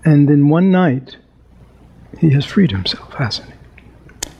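A man giving a dharma talk as a meditation teacher, reading a story and then reflecting aloud. He is unhurried, with many fillers and rhetorical questions. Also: a little high, lively intonation, vocal fry, mellow, husky, dull audio.

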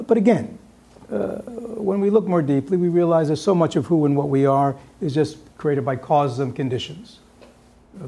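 A man giving a dharma talk to an audience, pausing often on fillers and checking in with rhetorical questions. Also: fairly high pitch, vocal fry, warm tone, breathy edge. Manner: halting, with many filler pauses. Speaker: dharma teacher.

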